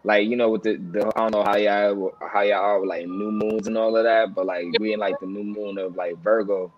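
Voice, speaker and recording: A man's voice: on the low side, little pitch movement, fairly quick, highs cut off, a little hiss or hum. A man, chatting casually as a podcast co-host, rambling with lots of fillers and restarts. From New York. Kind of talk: casual chat.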